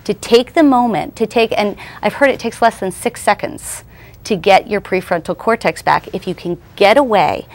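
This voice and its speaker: A woman's voice: medium pitch, normal speed. A woman in her thirties, a parenting expert guest on a TV show, explaining her ideas earnestly. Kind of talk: TV interview.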